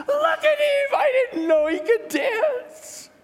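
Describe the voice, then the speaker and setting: A tearfully overjoyed mother cries out in a high, quavering voice, as a male preacher puts her on. Her voice rings through a hall with a long reverb tail. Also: very animated, very slow, full character voice. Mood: tearful joy. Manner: high, tearful, delighted exclaiming. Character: overjoyed mother of a grown disabled man.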